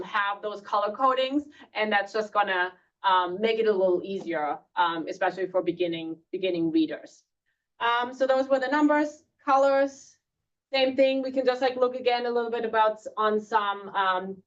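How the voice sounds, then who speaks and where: Slow-spoken woman teaching German basics. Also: mid-range voice. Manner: relaxed, many fillers, slow deliberate pronunciation of German words. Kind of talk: casual classroom lesson. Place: school classroom. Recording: distant, muffled classroom recording.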